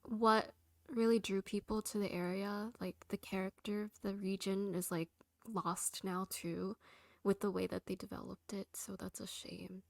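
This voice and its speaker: A woman co-hosting a podcast on a video call, chatting in a low-key way with short reactions that trail off softly. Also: little pitch movement, measured pace, creaky, no echo. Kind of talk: casual chat.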